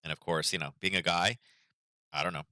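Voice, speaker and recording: A man's voice: low voice, fairly even intonation, fairly quick, bright, forceful tone, no room sound. A middle-aged man hosting a market livestream, chatting casually and rambling with lots of fillers. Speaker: market analysis host.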